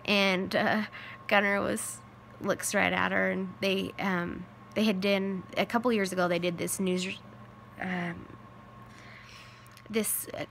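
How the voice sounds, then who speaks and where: Bright, gravelly-voiced woman in her thirties. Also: medium pitch, flat delivery, slow pace, pauses often, slight background noise. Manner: rambling, full of "like" and "you know". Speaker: vlogger and widowed mother. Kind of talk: casual personal storytelling.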